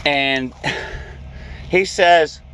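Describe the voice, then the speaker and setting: A man's voice: a little high, very slow, slight background noise. A man, a truck driver, telling a story in a vlog and acting out the people in it. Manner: animated storyteller, acts out quoted voices.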